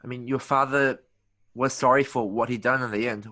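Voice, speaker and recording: A male podcast host asking an interview guest questions in a measured, polite way. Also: mid-range voice, steady tone, sharp tone, no echo.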